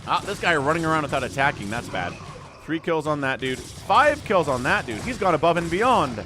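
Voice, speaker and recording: A man casting a recorded strategy game on a livestream, excitable and chatty, greeting viewers from chat between plays. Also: fairly high pitch, moderate pace, noisy background. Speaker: game caster.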